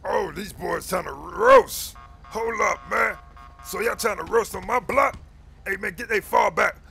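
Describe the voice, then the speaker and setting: Sex: man. Style: gaming roleplay as a rival gang leader, loud and roasting. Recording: faint music behind the voice. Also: high voice, big pitch swings, unhurried, gravelly.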